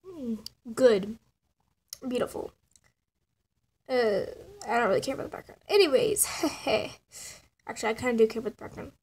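A teenage girl who runs the channel walks through her animation process in a casual, self-mocking tutorial, rambling and laughing at her own drawings. Her woman's voice sits on the high side and is expressive, a little mellow and slightly rough, moving at a moderate pace with long pauses.

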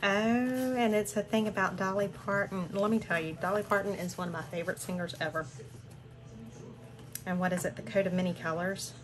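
A woman's voice: mid-range voice, steady tone, a little fast. An older woman hosting an unboxing vlog from her home craft room, gushing with gasps and breathless exclamations. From southern United States. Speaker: crafting channel host. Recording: home recording with background noise.

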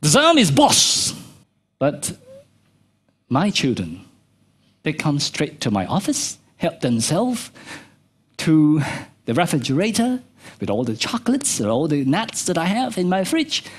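A middle-aged man preaching a sermon as pastor, swinging between soft low asides and high emphatic peaks. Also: slightly rough. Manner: animated preaching, pitch jumping from low to high. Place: church.

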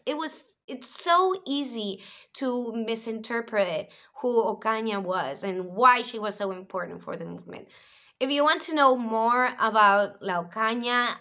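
A woman from Spain talks through a review in English with a clear Spanish accent. Her voice is bright and lively in tone, and her delivery is chatty, enthusiastic and loose, dotted with casual fillers. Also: a little high. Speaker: video reviewer. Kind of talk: casual explanatory vlog.

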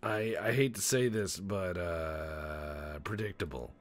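A man's voice: low-pitched, takes it slowly. A man giving casual let's-play commentary, rambling and joking with frequent profanity. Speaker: gaming channel host.

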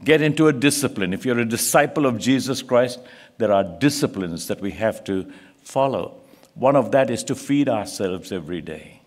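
Male preacher, earnest and pleading sermon delivery in a church, mid-pitched. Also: expressive, normal speed. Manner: earnest, pleading, rising to emphatic peaks.

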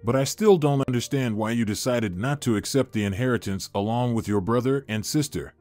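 Male narrator voicing kind older female caregiver; gentle, confident; dry read, soft music. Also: mid-range voice, a little fast, dry recording, close to an everyday voice. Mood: caring. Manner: gentle but confident advice, read plainly. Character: kind older woman caregiver, calm and firm.

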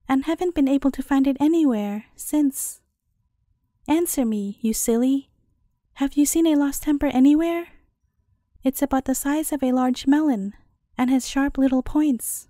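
A woman's voice: sits high, warm tone, dry recording, clean studio sound. A woman voicing a tall, fierce, bad-tempered man who roars in a storybook tale.

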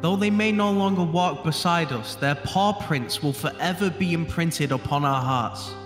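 A young man, talking slowly in a fairly high voice. His voice rings with a long echo, as if in a big reverberant room. Faint music plays behind him. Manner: reads a solemn mock eulogy, breaking into laughter. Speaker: gamer. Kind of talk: casual gaming chat and mock eulogy reading.

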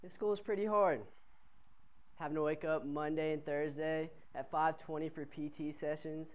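A young man with a fairly high voice tells a funny story to a crowd of classmates. He talks in a lively, chatty way and keeps checking in with his listeners. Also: normal speed, muffled recording. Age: young adult. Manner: animated, chatty, asks the crowd for replies. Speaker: college cadet telling a story. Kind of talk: comic storytelling to an audience.

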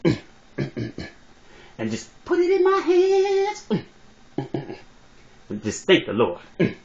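A man voicing a slow, greedy male preacher who hums between drawn-out phrases. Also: high-pitched, wildly swooping pitch, creaky, a little mellow, voice pushed up, heavily acted. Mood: preaching. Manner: drawn-out preaching broken by humming "mm". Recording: dull lo-fi phone recording.

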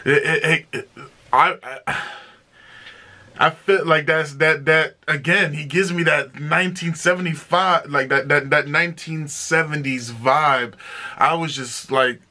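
A young man hosting a casual music reaction review, talking in an excitable, slangy, chatty way. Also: a little high, a little slow.

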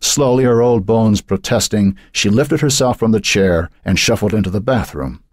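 A man narrating a horror novel in a measured, dramatic way. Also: lowish voice, expressive, no room sound, studio quality. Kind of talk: audiobook narration.

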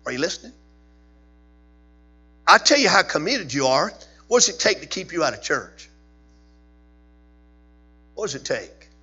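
A man's voice: on the high side, big pitch swings, unhurried, pauses often, sharp tone, slightly rough. A man preaching a Sunday evening sermon in a church, repeating his points and firing questions at the congregation, rising into fiery peaks. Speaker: Baptist preacher. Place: church sanctuary. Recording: dull lo-fi church recording with hum.

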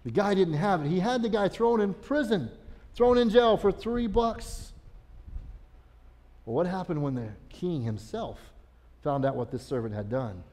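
A man's voice: high voice, very animated, unhurried, a little mellow. A man, a children's pastor, preaching a sermon in a folksy, conversational storytelling way. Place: church sanctuary. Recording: long church reverb.

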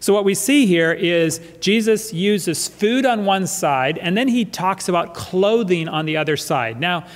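A man's voice: sits high, expressive, unhurried, hardly any pauses. A male pastor preaching a sermon in a church, emphatic and fond of repeating his key phrases. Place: church sanctuary. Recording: church hall reverb.

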